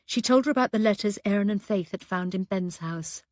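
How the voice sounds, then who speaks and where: A woman's voice: medium pitch, fairly quick, a little mellow, no echo. Woman narrating an audiobook, very dry sound.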